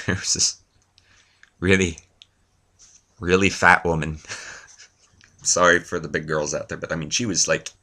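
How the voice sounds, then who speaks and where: Deep-voiced man rambling through jokes. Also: steady tone, a little slow, pauses often, pushed and bright. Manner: loose, one-liner jokes with self-mocking asides. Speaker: vlogger. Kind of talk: rambling comedy monologue.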